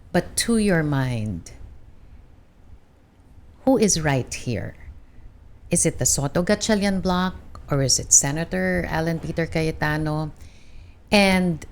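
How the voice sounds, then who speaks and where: A woman from the Philippines hosting a talk show, asking measured questions of her guest. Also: low-pitched. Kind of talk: interview questions.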